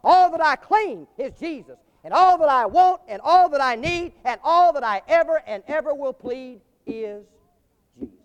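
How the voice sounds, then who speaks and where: Male preacher, very high voice, builds to loud climaxes, long church reverb. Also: expressive, normal speed, hardly any pauses. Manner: preaching with a swelling cadence, rising to loud climaxes. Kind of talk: sermon.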